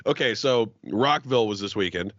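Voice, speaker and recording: A man's voice: fairly low pitch, animated, moderate pace, no echo, lo-fi sound. A man co-hosting a podcast, swearing freely and laughing as he jokes, with frequent stumbling restarts. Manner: profane, joking, laughs often, trailing restarts. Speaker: podcast co-host. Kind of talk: crude comedic podcast banter.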